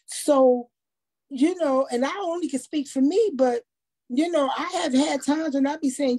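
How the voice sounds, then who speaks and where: A woman in a faith discussion who talks in a preachy, animated way and acts out quotes. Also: sits high, a little slow. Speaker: panelist.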